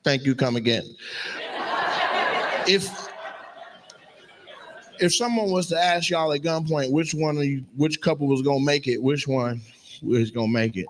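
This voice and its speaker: A man with a fairly high voice speaks unhurriedly and pauses often. He's at a live comedy venue doing crowd work, poking at audience members with profane, brash banter through a stage mic, and the recording carries noisy venue sound.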